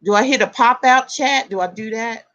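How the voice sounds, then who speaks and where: Woman, live-stream host, chatty, reads comments aloud, fairly high voice, bright tone. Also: normal speed, dull audio. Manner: laughs easily, animated exclamations. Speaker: tarot reader hosting a live stream. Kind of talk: casual live-stream chat.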